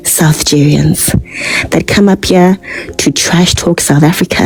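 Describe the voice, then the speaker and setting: A woman's voice: fairly low pitch, expressive, normal speed, a little mellow, faint music behind, poor audio. Scornful woman ranting online. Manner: scornful, insulting, full of "like" fillers. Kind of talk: heated online rant.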